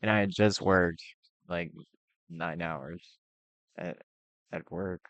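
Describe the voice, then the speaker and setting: A man's voice: sits low, fairly even intonation, slow, dry recording, lo-fi sound. A young man telling a rambling personal story in a casual vlog, full of fillers and restarts. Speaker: vlogger.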